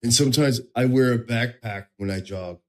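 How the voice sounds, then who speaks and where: A man's voice: mid-range voice, normal speed, darkish tone, voice pushed down, lightly acted. A man putting on a dopey, drawling young guy who brags about jogging and counting calories.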